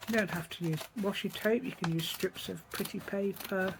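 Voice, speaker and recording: A woman's voice: medium pitch, moderate pace, background noise. A middle-aged woman with an East Midlands English accent, chatting casually through a craft tutorial at her table, rambling and asking tag questions.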